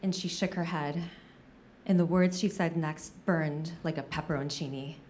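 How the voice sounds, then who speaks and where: A woman comedian telling a funny personal story on stage, with an animated, self-deprecating delivery. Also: sits low, normal speed, noisy background.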